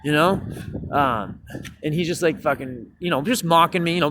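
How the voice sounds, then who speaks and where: A man's voice: moderate pace, fairly bright tone, a little hiss or hum. A man talking casually to camera outdoors, rambling and swearing, with many fillers, growing indignant as he gets worked up. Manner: rambling, profane, fillers like "you know what I mean"; indignant, rising pitch when worked up. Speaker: street musician vlogger. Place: outdoors by a city building.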